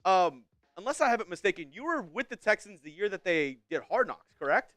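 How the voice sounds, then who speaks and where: High, bright-voiced sports show host. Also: male voice, big pitch swings, fairly quick, dry recording. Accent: American. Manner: enthusiastic fan asking long questions. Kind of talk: live sports interview.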